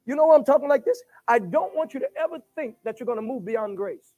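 Very high-voiced preacher man. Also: expressive, fast talker, hardly any pauses, a little mellow, soft background music. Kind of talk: sermon.

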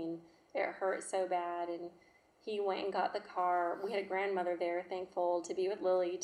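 A woman, telling a personal testimony in an emotional, halting way. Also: fairly low pitch, a little mellow. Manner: emotional, halting, with fillers and restarts. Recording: echoey room.

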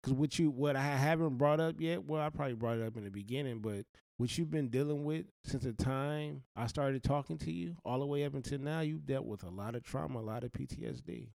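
A man's voice: mid-range voice, brisk, vocal fry, a little mellow, no room sound. A man giving earnest, blunt life advice in a slangy, heartfelt monologue.

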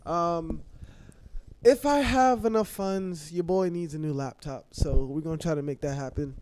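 A man co-hosting a podcast in casual chat, animated and profane. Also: fairly high pitch, moderate pace. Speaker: podcast co-host.

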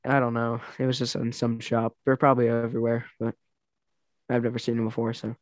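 A man's voice: medium pitch, monotone, a little fast, no room sound. A young man casually chatting and telling rambling, laughing stories, full of fillers and restarts. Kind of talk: casual chat.

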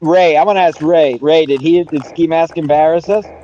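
A man with a somewhat high voice trades sarcastic jabs with his co-hosts. His sound is muffled and lo-fi, coming through a phone. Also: fairly even intonation, moderate pace, dark tone. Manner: teasing, sarcastic. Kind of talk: casual chat. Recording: dull lo-fi phone audio.

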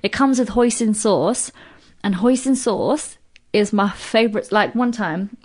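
A British woman in her thirties, a comedian guest in casual podcast chat, animated and swearing freely. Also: mid-range voice, measured pace. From Britain. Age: 30s. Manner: animated, swears freely, acts out quoted voices.

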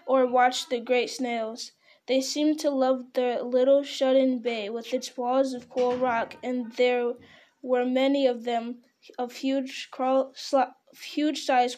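High, mellow-voiced woman reading a story aloud. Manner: unpolished reading with frequent slips and restarts. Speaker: reader.

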